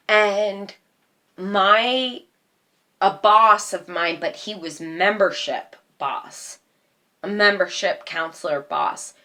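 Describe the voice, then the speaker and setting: A woman slowly retelling a painful personal story in casual talk, halting often with fillers. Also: medium pitch, fairly bright tone.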